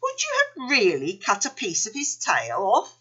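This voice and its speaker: A woman's voice: mid-range voice, huge pitch swings, normal speed, pushed and bright, breathy edge, highs cut off, voice pushed up, heavily acted. A woman voicing an anxious, caring mother kangaroo in a storybook reading. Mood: fretful. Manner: fretful, earnest.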